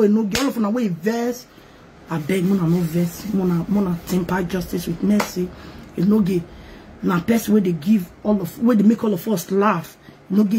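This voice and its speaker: On a rough live-video recording with slight background noise, a Nigerian woman hosting an online gist show pleads and says sorry in a fairly low, darkish voice. She moves between English and pidgin, sometimes breaking into a sung chant.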